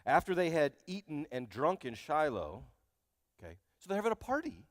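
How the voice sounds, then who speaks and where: High-voiced male pastor preaching. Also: moderate pace, no echo, clean studio sound, big-room sound. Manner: animated, joking, addresses the congregation directly. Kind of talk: sermon. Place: church sanctuary.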